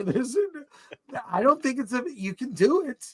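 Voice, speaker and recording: A man's voice: very high-pitched, very animated, moderate pace. A man co-hosting a live election stream, joking and reading memes aloud. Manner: jokey, reads memes aloud. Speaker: co-host. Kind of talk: livestream chat.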